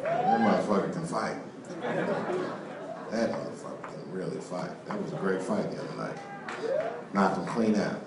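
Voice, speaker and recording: A man performing a stand-up comedy set, telling stories in an animated, profane way. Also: low voice, normal speed, pauses often, heavy background noise. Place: comedy club stage. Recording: echoey club, distant mic, loud crowd.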